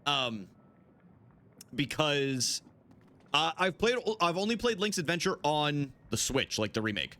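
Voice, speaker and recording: A man's voice: a little high, big pitch swings, a little slow, long pauses, bright, forceful tone. A young man chatting casually with his live-stream chat while playing, swearing freely.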